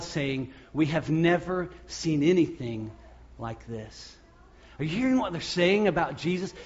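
Man, preacher, storytelling sermon, slightly high voice, muffled lo-fi sound. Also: a little mellow. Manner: storytelling preacher acting out scripture scenes. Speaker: pastor.

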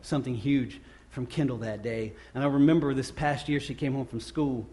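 A man's voice: medium pitch, fairly even intonation, moderate pace, mellow. A man in his thirties preaching a sermon, earnest and conversational, often repeating phrases for emphasis. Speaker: pastor.

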